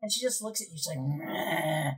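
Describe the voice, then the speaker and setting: Casting: woman game master, husky tone, mid pitch, casual rambling scene narration. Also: rapid-fire, a bit bright, poor audio. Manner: loose descriptive narration full of "like" and "kinda".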